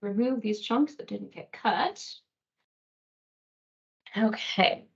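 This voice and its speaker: A woman dietitian leads a casual cooking demonstration, explaining each step plainly with the odd "um". Her voice sits at a middle pitch. The recording sounds a little dull and lo-fi. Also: takes it slowly, gravelly, husky. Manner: friendly step-by-step explaining with fillers. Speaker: dietitian teaching a cooking class.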